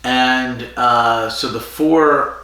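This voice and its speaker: A man chatting on a podcast with a bright, forward voice. He rambles through a plot recap, tossing in quick voiced quotes. The room is very echoey. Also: medium pitch, fairly even intonation. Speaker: podcast co-host. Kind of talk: casual chat recapping an episode.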